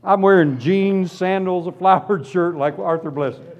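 A man preaching and giving his personal testimony, telling it as a lively story and acting out the other people in it. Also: high-pitched, normal speed, lo-fi sound. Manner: animated storytelling, acts out voices. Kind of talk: testimony sermon.

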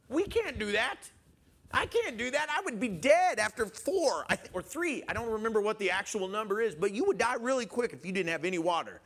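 A man preaching a sermon in an animated way, questioning his listeners and chuckling as he goes. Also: sits high. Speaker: pastor.

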